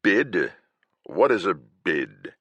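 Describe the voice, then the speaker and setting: Man playing a chill old guy, deadpan and mocking, low voice. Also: drawn-out words, no room sound, lo-fi sound, full character voice. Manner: flat, dry mockery.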